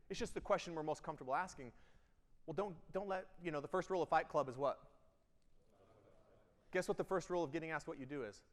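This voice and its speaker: A keynote speaker in an event hall gives an energetic speech with audience interaction, talking quickly in a slightly high voice. He is emphatic, pushing hard on key lines in loud bursts before dropping to quiet intensity. A long reverb from the large hall carries through the sound.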